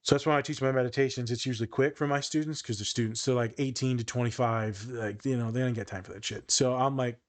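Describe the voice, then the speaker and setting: A man's voice: mid-range voice, steady tone, quick pace, hardly any pauses. A young man hosting a podcast, chatting casually and joking, with casual swearing. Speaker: podcast host and therapist. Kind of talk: casual chat.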